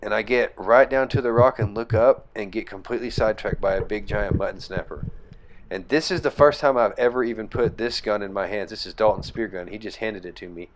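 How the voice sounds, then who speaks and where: A young man casually narrating his own fishing trip footage as a voice-over, telling the story with fillers and restarts and growing excited at the tense moments. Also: lowish voice, brisk, slight background noise.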